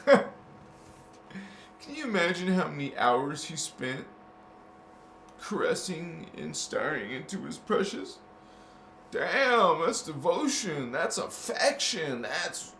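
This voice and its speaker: A man's voice: on the high side, very animated, takes it slowly, long pauses, a bit bright. A man hosting a spiritual video channel, talking in a casual, joking way with crude slang and laughing at his own jokes. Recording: roomy echo with faint noise.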